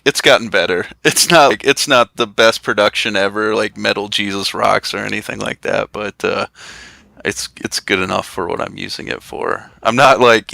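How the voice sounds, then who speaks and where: A man speaking as a podcast guest in casual chat, relaxed and self-deprecating, with lots of fillers and restarts. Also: fairly low pitch, creaky, no echo, low-quality recording. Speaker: guest, retro game YouTuber.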